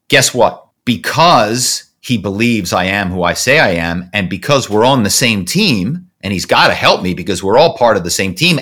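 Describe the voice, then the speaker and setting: A man guest in an interview, a former corporate spy, telling lively stories and acting out the phone calls he made. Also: mid-range voice. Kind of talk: storytelling interview.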